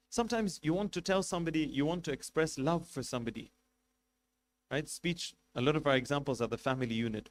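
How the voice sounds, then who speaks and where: A man's voice: mid-range voice, slight background noise. A man giving a religious lecture as a sheikh, making numbered points and asking rhetorical questions with emphasis. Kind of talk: sermon.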